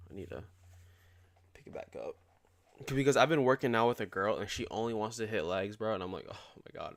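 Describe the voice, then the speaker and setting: A man's voice: fairly low pitch, no echo. A young man chatting casually on a day-trading live stream, rambling in slang with lots of restarts and swearing.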